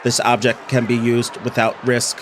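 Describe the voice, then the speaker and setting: Casting: flat, beeping robot gadget, put on by a man, monotone machine readout. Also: mid-range voice, moderate pace, background noise, lightly acted. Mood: robotic.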